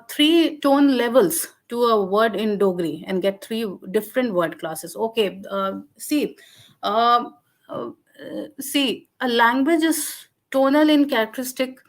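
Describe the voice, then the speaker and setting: Woman, Indian English accent, guest lecturer taking Q&A on a video call; patient and explanatory, with frequent fillers and self-corrections. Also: a little high. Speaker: webinar guest speaker on linguistics. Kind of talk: answering audience questions in a webinar.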